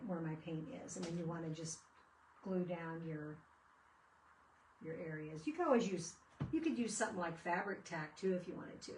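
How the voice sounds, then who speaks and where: A woman's voice: medium pitch, slight background noise. A woman hosting a casual craft video, chatting and rambling through stories as she works. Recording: echoey room, mic at a distance.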